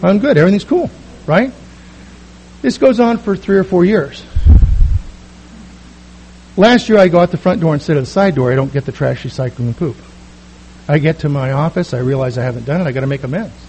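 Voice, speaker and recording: High-voiced man telling a comic story. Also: slight background noise, poor audio. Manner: comic self-mocking storytelling, quick and lively. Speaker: recovery meeting speaker. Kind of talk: personal story told to a recovery meeting.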